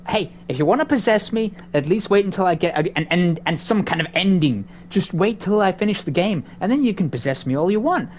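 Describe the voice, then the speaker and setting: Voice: medium pitch, animated, a little fast, few pauses, slight background noise. A gamer giving let's-play commentary on a horror game, swearing, taunting and jittery, recorded on a desk microphone indoors.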